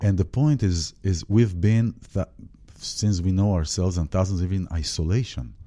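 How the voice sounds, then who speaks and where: Host, male, very deep and very dark tone, halting, reflective delivery. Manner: halting, searching for words with many restarts. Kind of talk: spiritual conversation.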